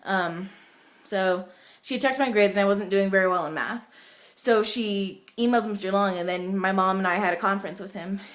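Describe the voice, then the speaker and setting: A woman's voice: mid-range voice, a bit bright. Chatty young woman vlogging at home. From United States. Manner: chatty, rambling, many fillers. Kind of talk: casual vlog storytelling.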